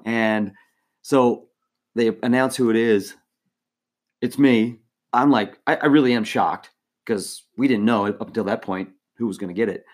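A man co-hosting a podcast, telling a story in a casual, animated way, laughing often and full of fillers and restarts. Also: fairly low pitch, measured pace. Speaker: former team mascot, podcast co-host.

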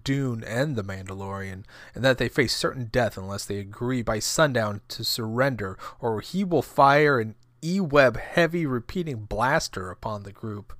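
A man co-hosting a podcast from home, chatting easily and reading a plot summary aloud at a steady clip. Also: mid-range voice, no echo, clean studio sound. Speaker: podcast co-host.

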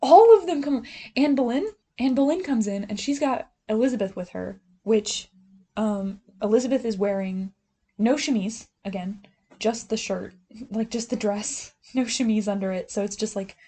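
A woman's voice: fairly high pitch, normal speed, warm tone, slightly rough. A young woman co-hosting a podcast, recapping a TV drama in a sarcastic, giggly, profane way. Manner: sarcastic, giggly, swears freely. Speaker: podcast co-host. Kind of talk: casual TV recap chat.

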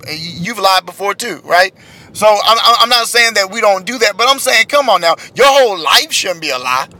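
A man's voice: high voice, expressive, normal speed, bright, forceful tone. Chatty man ranting from his car. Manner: rambling, exasperated, heavy fillers. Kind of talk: casual chat.

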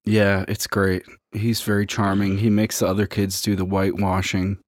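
Man, podcast co-host, lowish voice, dry sound, rambling, halting. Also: completely flat delivery, dry recording. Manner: rambling, halting, many fillers. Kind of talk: casual chat.

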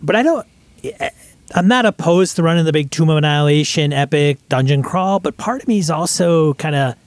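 A man's voice: on the high side, a little fast, dry recording. Thoughtful, rambling man on games. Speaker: podcast co-host, game master. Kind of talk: casual chat about running tabletop games.

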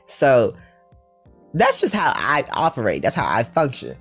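A man telling a storytime tale in a vlog, animated and full of profanity and slang. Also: mid-range voice, a little slow, husky, soft background music.

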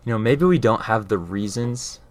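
A man's voice: lowish voice, expressive, moderate pace. A man in casual explanatory talk, earnest, often checking in with his listener as he explains. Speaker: speaker explaining faith.

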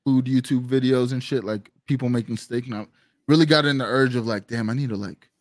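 A man's voice: mid-range voice, brisk, dry recording, studio quality. A man co-hosting a live stream, telling stories in casual chat with lots of fillers. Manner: rambling, filler-heavy storytelling. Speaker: co-host.

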